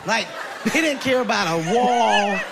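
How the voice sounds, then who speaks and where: High-voiced laughing comedian with crowd noise. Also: male voice, measured pace, creaky. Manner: animated, laughing storyteller. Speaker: stand-up comedian. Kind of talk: stand-up comedy storytelling. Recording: live crowd and background noise. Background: audience laughter.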